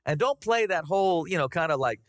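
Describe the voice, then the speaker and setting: A middle-aged man preaching a conversational, animated sermon to his congregation. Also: on the high side, fairly quick, dry recording, studio quality. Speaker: pastor. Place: church sanctuary.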